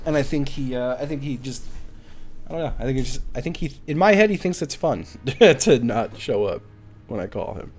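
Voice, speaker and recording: A man's voice: medium pitch, animated, moderate pace, darkish tone, slightly rough. A man streaming a game live, chatting casually and animatedly with his viewers, swearing now and then. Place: at home.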